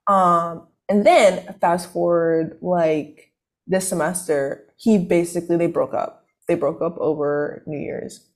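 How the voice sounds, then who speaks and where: A young woman, a college student, tells a long story in casual chat, speaking slowly in a lowish voice with fairly even intonation. She rambles, uses lots of fillers, and keeps interrupting and restarting herself.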